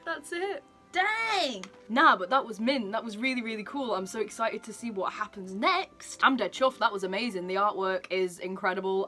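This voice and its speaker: Bright, gushing woman. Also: medium pitch. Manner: gushing, giggly, exclamatory. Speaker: comic reaction vlogger. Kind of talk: excited reading reaction.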